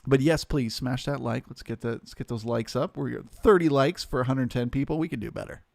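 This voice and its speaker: A man with a mid-range, slightly gravelly voice talks through price levels in an unhurried, conversational way, greeting viewers by name as he goes. The sound is dry and close, with no room echo. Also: medium pitch. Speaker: trading stream host. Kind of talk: live market commentary.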